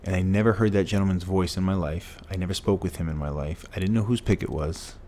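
A man's voice: low voice, fast talker, darkish tone, slight background noise. A man, a former pro football player, telling an interview story in an earnest, emotional way with lots of repetition.

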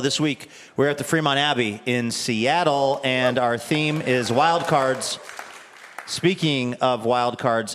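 A man hosting a radio show, reading sponsor lines and introducing a guest in a smooth announcer manner. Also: medium pitch. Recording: live hall with reverb and faint music.

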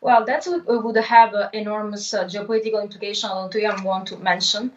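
A woman's voice: medium pitch, steady tone. Italian-accented woman on a distant, dull line. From Italy. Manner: hesitant, many filler pauses. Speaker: guest. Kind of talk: remote interview.

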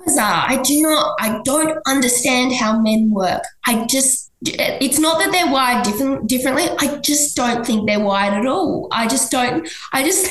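Woman guest spilling a personal story, fairly high voice, echoey room, animated. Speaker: guest telling her story. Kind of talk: podcast interview, personal story.

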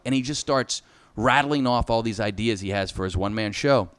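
A man's voice: medium pitch, fairly quick, clean tone, no echo. A middle-aged man, a sitcom showrunner, telling an anecdote in casual chat and acting out the voices. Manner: animated anecdote-telling, acts out voices, laughs often. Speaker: sitcom showrunner and podcast guest.

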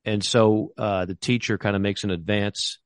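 A man's voice: on the low side, steady tone, normal speed, smooth, no echo, studio quality. A man co-hosting a casual sports podcast, rambling enthusiastically with many restarts. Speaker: co-host.

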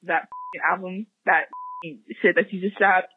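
A caller asking a crude question on a podcast, loud and excitable, through a phone line. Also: mid-range voice, normal speed.

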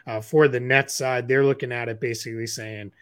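A man's voice: mid-range voice, steady tone, fairly quick, clean tone. A man with a Boston accent co-hosting a basketball podcast, explaining news in a casual, filler-heavy way. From Boston area. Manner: explanatory, frequent fillers and restarts. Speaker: podcast co-host, basketball analyst. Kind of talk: casual sports chat.

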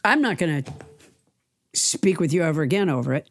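A woman's voice: low voice, animated, a little fast. A woman co-hosting a podcast, joking and blunt in casual chat. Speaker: podcast co-host.

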